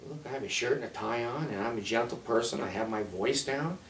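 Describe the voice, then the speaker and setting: A man putting on a soft, mockingly sweet voice as a smug churchgoing man who pretends to be gentle. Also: mid-range voice, fairly quick, a little hiss or hum, voice pushed down, close to an everyday voice. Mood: mock-gentle. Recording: echoey room, far from mic.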